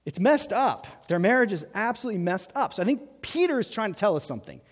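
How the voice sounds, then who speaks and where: A man preaching a sermon in a lively, conversational way, acting out quotes as he goes. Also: high voice, quick pace. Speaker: pastor. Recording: long reverb of a large hall.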